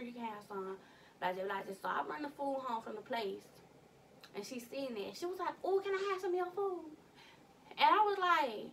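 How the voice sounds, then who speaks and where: A young woman vlogging from her bedroom, telling a story in an animated, slangy way with some cussing. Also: on the high side, vocal fry, distant mic, a little hiss or hum. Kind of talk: casual storytime vlog.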